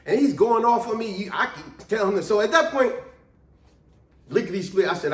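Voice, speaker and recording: A man telling a story in a chatty, casual way, with a high voice and lively swings in pitch. He laughs easily, and an echoey room surrounds the voice. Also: moderate pace, long pauses.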